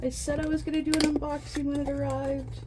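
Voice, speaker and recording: A woman chatting casually while unboxing craft kits in her trailer home, gasping and gushing with excitement over each item. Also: high-pitched, fairly quick, noisy background. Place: inside her fifth-wheel trailer home.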